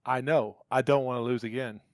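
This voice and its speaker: A man's voice: mid-range voice, steady tone, fairly quick, no room sound. A man playing in a tabletop game, speaking in an urgent, insistent way. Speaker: player. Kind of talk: casual tabletop role-play.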